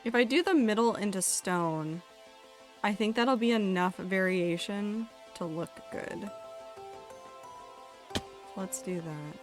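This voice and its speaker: A woman's voice: medium pitch, slow pace, long pauses. A young woman streamer chatting candidly while she plays, swearing casually and reading chat messages aloud. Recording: faint music behind.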